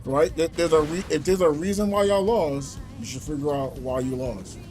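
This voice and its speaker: A man streaming from home, telling a gaming story in an animated, exasperated way. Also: on the high side, normal speed, soft background music. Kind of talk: casual livestream rant.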